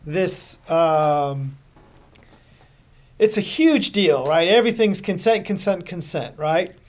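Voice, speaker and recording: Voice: medium pitch, animated, takes it slowly, darkish tone. A person hosting an interview, asking long, meandering questions with frequent hesitations. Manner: rambling, hesitant questions with many "um"s. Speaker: podcast host.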